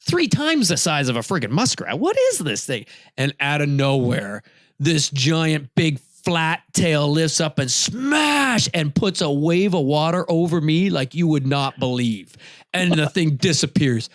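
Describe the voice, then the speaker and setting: Animated man telling a hunting story. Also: a little slow, no room sound, clean studio sound. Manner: animated, voice jumps high when retelling his shouts. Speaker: podcast co-host. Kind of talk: casual storytelling.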